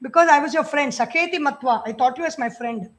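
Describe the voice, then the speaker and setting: Woman, Indian English accent, high pitch, scripture discourse, slow sung chanting, conversational explanation. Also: fairly bright tone. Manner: chants verses slowly in a sung tone, then explains them conversationally. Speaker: spiritual teacher giving a scripture discourse.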